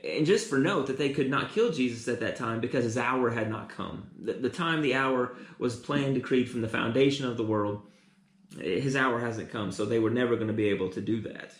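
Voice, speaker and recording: Man preaching, stumbling repeats, mid pitch, echoey room. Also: moderate pace. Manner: repeats words often, restarts. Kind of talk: sermon teaching.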